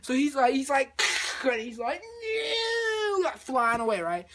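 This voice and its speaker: A man's voice: very high-pitched, expressive, moderate pace, a bit bright, slight background noise. A male vlogger retelling a movie in a rambling, repetitive way, acting out scenes with sound effects.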